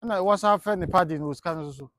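A man's voice: high-pitched, fast, fairly bright tone, no echo. A man playing a headmaster, bantering animatedly in pidgin in a comedy skit. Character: bossy male headmaster scolding and cajoling.

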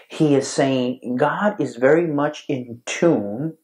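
A male pastor giving a sermon in a deliberate, halting way with many fillers, stressing key words and quoting scripture. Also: medium pitch, a little mellow. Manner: slow and deliberate, with frequent fillers and repeated words; stresses key words, reads Bible verses aloud.

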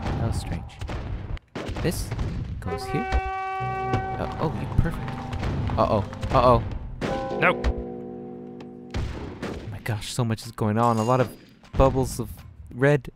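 A young man giving casual let's-play commentary on a strategy game, flustered and self-mocking, thinking out loud with many fillers. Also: medium pitch, animated, normal speed, long pauses, over loud music. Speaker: gaming channel host.

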